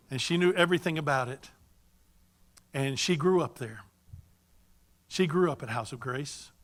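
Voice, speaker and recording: Older man, bright voice, animated storytelling. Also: a little high. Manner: animated, folksy storytelling with bursts of loud greetings. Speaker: church speaker for a mission ministry. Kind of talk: sermon-style storytelling to a congregation.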